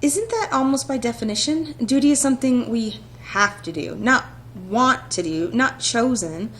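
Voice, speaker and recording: A spirited young heroine with a quick wit and a playful edge, as a woman reads her aloud. The voice sits fairly high, and a soft rumble hums in the background. It is a visual novel reading. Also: lively intonation. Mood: witty.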